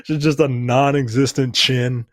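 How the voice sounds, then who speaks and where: A man co-hosting a casual movie review podcast, profane and animated, retelling scenes. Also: medium pitch, measured pace, no echo, studio quality. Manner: animated, profane, recounts scenes with acted quotes. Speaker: podcast co-host.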